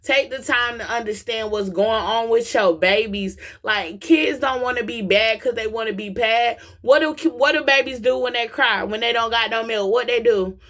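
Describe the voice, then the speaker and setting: A woman's voice: fairly high pitch, normal speed, few pauses, a bit bright. Impassioned young woman with a Southern lilt. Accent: Southern US, Atlanta. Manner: impassioned, preachy, slangy and direct. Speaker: vlogger. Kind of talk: personal testimony vlog.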